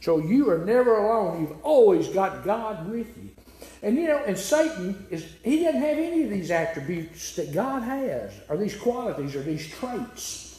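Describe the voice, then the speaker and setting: High, animated male preacher in an echoey room. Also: normal speed. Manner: emphatic, repetitive, with rhetorical questions. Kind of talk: sermon.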